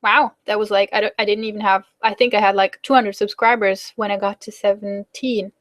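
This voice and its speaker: A woman's voice: medium pitch, fairly even intonation, fairly quick, fairly bright tone. A young German woman hosting a casual live Q&A, chatty and fidgety with lots of ums and likes, speaking English with a German accent. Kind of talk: casual live chat answering viewer questions.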